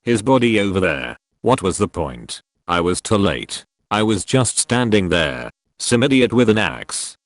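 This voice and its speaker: A man reads aloud as Thor, a weary Norse god still grieving his failures. His voice is low and muted, with a lively rise and fall. He sounds close and dry, with no room around him. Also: measured pace, hardly any pauses, no echo. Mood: subdued.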